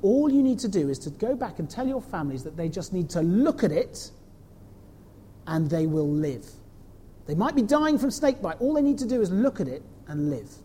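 A woman voicing Moses, a calm old male prophet, giving plain, instructive directions in her own voice. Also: sits high, normal speed, breathy edge, big-room sound, exaggerated voice.

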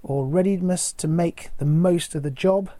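A man, preaching a sermon in a measured way and posing rhetorical questions to the listeners. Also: fairly high pitch, dark tone, no room sound. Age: 40s.

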